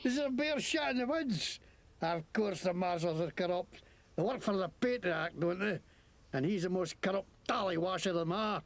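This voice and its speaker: An actor playing a crooked, foul-mouthed game character who fakes an exaggerated Scottish brogue and rants indignantly. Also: male voice, high voice, lively intonation, moderate pace. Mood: ranting. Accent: exaggerated fake Scottish. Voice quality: gravelly, swooping. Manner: ranting, indignant, swears a lot.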